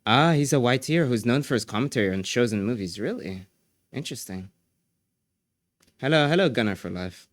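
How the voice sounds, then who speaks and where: A man's voice: mid-range voice, expressive, fairly quick, long pauses, no room sound, clean studio sound. A man streaming live, chatting casually with his viewers, joking, laughing often and filling his talk with "like".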